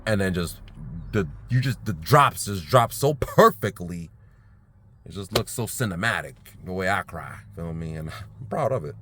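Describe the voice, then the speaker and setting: A man talking to his phone camera in an outdoor park by the water, in a relaxed, rambling vlog full of fillers. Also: low-pitched, moderate pace, background noise. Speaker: vlogger.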